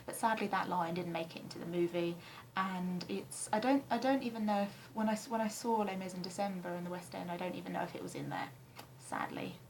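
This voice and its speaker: A woman's voice: fairly low pitch, a little fast, a little mellow, slight background noise, rough recording. Rambling, self-deprecating young woman vlogger. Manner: rambling, self-deprecating, frequent ums, sweary. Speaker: vlogger answering a tag questionnaire. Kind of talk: casual chat. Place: flat, indoors.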